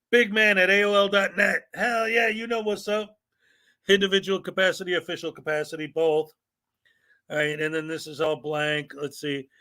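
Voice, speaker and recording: A man's voice: high-pitched, fairly even intonation, moderate pace, pushed and bright. A man hosting a casual live stream, joking, laughing often and reading mock legal paperwork aloud at his computer.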